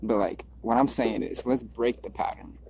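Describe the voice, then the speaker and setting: A man's voice: mid-range voice, normal speed, vocal fry, darkish tone, a little hiss or hum. A man rambling in a stream-of-consciousness monologue, drifting, repeating words and circling back on his thoughts. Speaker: video creator. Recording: dull lo-fi recording.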